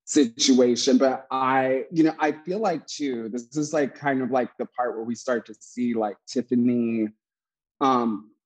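A man co-hosting a casual chat, bantering quickly, laughing often and tossing in playful asides. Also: medium pitch, fairly even intonation, a little mellow, poor audio.

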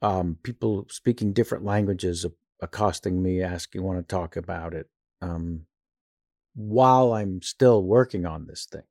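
A man's voice: low-pitched, moderate pace, warm tone, dry recording, studio quality. A male actor and impressionist telling rambling, self-deprecating stories in a casual interview.

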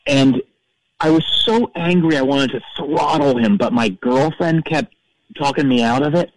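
A fussy, self-righteous rock-fan caller stumbles and circles through his grievances in a comedy call-in bit. His voice sits fairly high and swings around a lot, and it comes across dry and close to the mic. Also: expressive, normal speed, no echo, rough recording. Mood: storytelling. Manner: rambling, stammering, indignant.

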